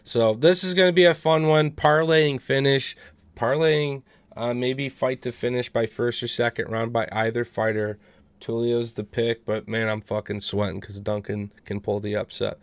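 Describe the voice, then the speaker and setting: A man's voice: medium pitch, fairly even intonation, normal speed, dry recording. A man hosting a podcast, laid-back and profane, talking through fights and bets. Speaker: podcast host. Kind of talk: casual podcast banter and fight predictions.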